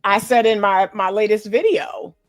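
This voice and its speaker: A woman guest in a casual chat, speaking firmly and with emphasis. Her pitch is middling, and she often backs up the host's points. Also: moderate pace. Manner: firm, agreeing, emphatic. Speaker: guest commentator. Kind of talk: casual conversation.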